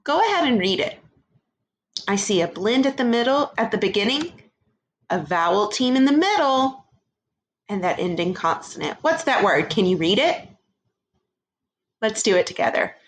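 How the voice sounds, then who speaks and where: A woman teaching a first grade phonics lesson to young children, sounding out words slowly in a sing-song teacher voice. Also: medium pitch, sing-song, slight background noise.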